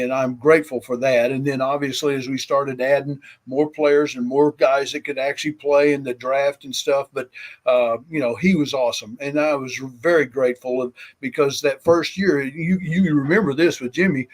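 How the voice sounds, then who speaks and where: A man in his sixties, a longtime football coach, talking as a guest in an earnest, rambling way with lots of fillers. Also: mid-range voice. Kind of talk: casual interview chat.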